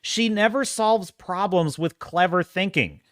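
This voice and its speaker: A man's voice: high voice, unhurried, a bit bright, no echo, clean studio sound. A man hosting a podcast, giving emphatic, casual commentary with frequent restarts and the occasional curse. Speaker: podcast host. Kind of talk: casual pop-culture commentary.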